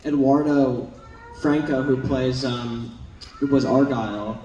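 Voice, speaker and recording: This young panel guest talks slowly in a medium-pitched voice, and the recording's highs are cut off. Captured from a distance in an echoey convention hall full of crowd noise, he rambles through animated stories with plenty of laughter.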